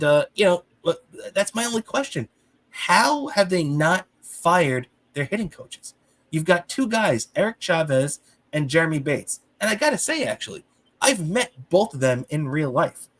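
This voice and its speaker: A man co-hosting a sports podcast, ranting in heated, animated casual talk and swearing freely. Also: high-pitched. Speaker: podcast co-host.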